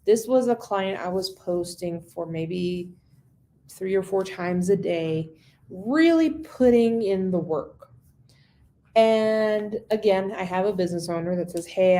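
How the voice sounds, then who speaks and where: Frank, lower-voiced woman telling a work story. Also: darkish tone, a little hiss or hum. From based in San Diego. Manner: frank, swears freely, acts out past conversations. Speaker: business owner and social media consultant. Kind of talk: candid casual monologue.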